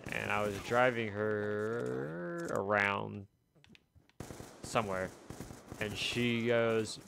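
A young man with a fairly low voice rambles through a casual story, chuckling now and then between thoughts. Faint video game gunfire pops in the background. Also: very slow, vocal fry, a bit bright, slight background noise. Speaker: streamer. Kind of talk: casual chat while gaming.

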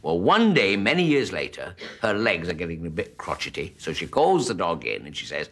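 A male comedian from Britain delivers a rambling comic monologue and giggles at his own jokes. It is a live taping with loud audience noise. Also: low-pitched, huge pitch swings, moderate pace, breathy edge.

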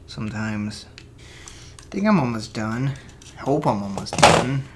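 A man's voice: lowish voice, expressive, measured pace, slight background noise. A man in his twenties rambling to himself into a desk microphone while building a toy kit, cracking jokes and swearing as he goes. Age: 20s. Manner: mutters and swears to himself, jokey asides. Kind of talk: rambling casual monologue.

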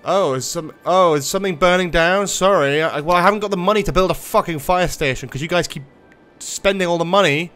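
A man's voice: high-pitched, a little fast, few pauses, fairly bright tone. Guy streaming a city builder, swears a lot, jokey and self-mocking, some faint music under him. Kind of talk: casual gaming livestream commentary.

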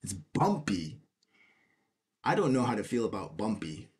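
Casual American male host, slightly low voice, reads news aloud and riffs on it with questions and jokes. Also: sing-song, fast talker, darkish tone, husky. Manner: chatty, asks himself questions, jokey asides. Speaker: cricket video host.

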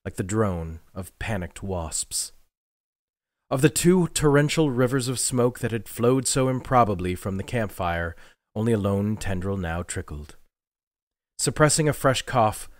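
Man, audiobook narrator, low voice, dry close sound, measured dramatic reading. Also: no room sound. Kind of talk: scripted narration.

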